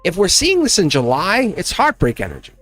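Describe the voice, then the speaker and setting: A man giving a live-stream tarot reading, emphatic and animated, laughing often and slipping into a scolding teacher tone. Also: high-pitched, fairly quick, dry recording, faint music behind. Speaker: tarot reader.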